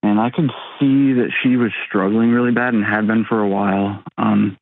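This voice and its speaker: A man in his thirties calling an advice show, talking haltingly with many pauses and ums. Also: on the low side, fairly even intonation, no echo. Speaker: caller. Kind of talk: call-in advice talk. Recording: tinny phone line.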